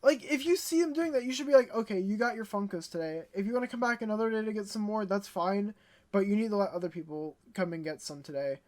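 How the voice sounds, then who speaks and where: Young woman, casual vlog rant, animated storyteller, stutters when upset, mid-pitched voice. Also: fast. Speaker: vlogger.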